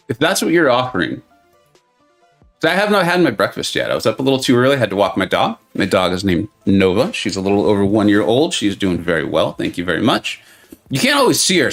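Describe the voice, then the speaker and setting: A man hosts a live stream watch party for a game tournament, chatting casually, greeting viewers by name, and poking fun at himself. His voice is medium-pitched with a fairly bright tone.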